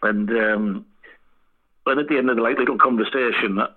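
A man with a husky voice, telling sweary, laughing anecdotes as a band frontman guest in a casual interview. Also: mid-range voice, steady tone, moderate pace. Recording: tinny phone line.

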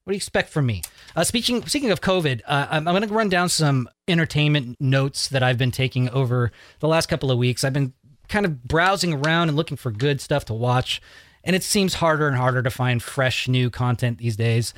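A man's voice: medium pitch, brisk, fairly bright tone, dry recording. A man hosting a podcast in a loose, joking way, swearing casually as he talks. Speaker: podcast host.

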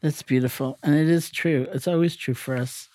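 A middle-aged woman hosting as a meditation teacher, an affirming listener who laughs readily and answers with soft interjections. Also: deep voice, steady tone, moderate pace, no room sound. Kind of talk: reflective conversation.

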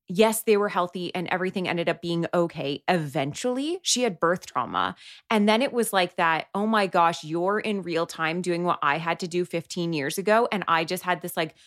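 Earnest woman with a lowish voice. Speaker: podcast co-host. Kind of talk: candid personal chat.

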